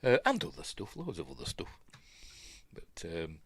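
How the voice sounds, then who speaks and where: A man's voice: deep voice, wildly swooping pitch, moderate pace, slightly rough. A man with a Yorkshire accent, talking through a film in a rambling, chatty way full of asides. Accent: Yorkshire English. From Yorkshire, England. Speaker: film reviewer. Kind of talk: casual film breakdown commentary.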